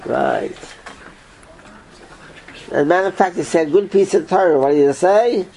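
Guy teaching torah round a table, high lively voice, slow, noisy room. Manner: animated, quizzing listeners. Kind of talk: informal Torah class.

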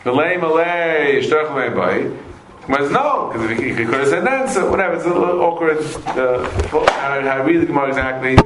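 A man teaching a Talmud class to students, animated and repetitive, mixing Aramaic and Hebrew terms into his English. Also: a little high, moderate pace. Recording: echoey room, faint noise.

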